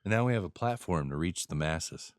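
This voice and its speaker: A man's voice: deep voice, lively intonation, fairly quick, no room sound, clean studio sound. A man hosting a casual podcast chat, asking random questions and laughing often. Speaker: podcast host.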